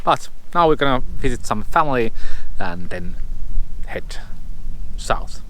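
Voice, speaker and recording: Halting, slow-talking man on a road trip. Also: mid-range voice, very animated, sharp tone, low-quality recording. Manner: halting, with many fillers. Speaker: vlogger. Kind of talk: casual vlog talk. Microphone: camera mic.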